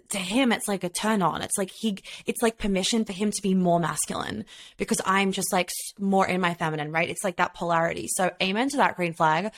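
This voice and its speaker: Candid, expressive woman podcaster. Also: medium pitch. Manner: candid, expressive, swears casually. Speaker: podcast co-host. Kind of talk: casual chat.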